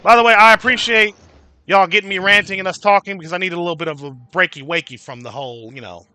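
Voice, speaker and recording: A man rants to his livestream chat, swearing casually and calling out viewers by name. His voice sits high and sounds very bright and sharp. The sound is close and dry, with almost no room around it. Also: fast, no echo. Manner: swearing freely. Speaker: livestream host.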